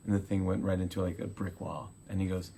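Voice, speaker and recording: Gravelly low voiced guy, talk show host chatting, animated storyteller, faint noise behind. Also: fast. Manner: animated storyteller, acts out quotes. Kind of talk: casual interview chat.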